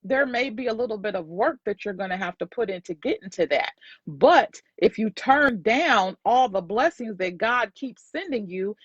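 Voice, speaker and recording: A woman's voice: mid-range voice, expressive, normal speed, breathy edge, no echo, dull audio. A woman host and sales coach giving an emphatic, preachy motivational faith talk that repeats lines for effect.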